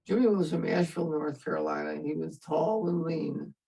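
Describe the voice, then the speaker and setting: A man's voice: fairly high pitch, a little fast, vocal fry, warm tone, recorded from a distance, soft background music, rough recording. An older man, a veteran, telling his story in an interview in a wry, self-mocking way and laughing at himself.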